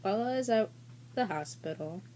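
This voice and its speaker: A woman's voice: mid-range voice, lively intonation, normal speed, warm tone, slight background noise. A woman vlogger telling a casual story-time tale in a rambling, candid way, with frequent fillers and swearing.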